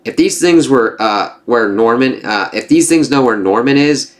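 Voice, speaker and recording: A man's voice: medium pitch, expressive, moderate pace. A man casually reviewing a comic book, rambling and swearing freely as he goes.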